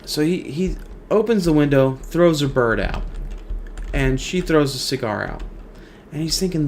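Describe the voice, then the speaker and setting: A man's voice: fairly high pitch, expressive, moderate pace, gravelly, darkish tone, slight background noise. A man streaming a game and telling a long joke in a loose, rambling way, with many restarts, at his computer. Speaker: streamer host. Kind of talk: casual joke-telling while gaming.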